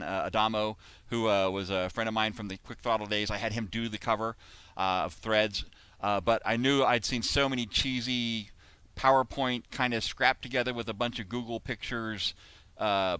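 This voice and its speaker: A man's voice: on the low side, pushed and bright, clear, resonant tone, dry recording. A middle-aged man, an author hosting a video call, chatting in a rambling way with restarts. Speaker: co-author and host. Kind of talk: casual chat.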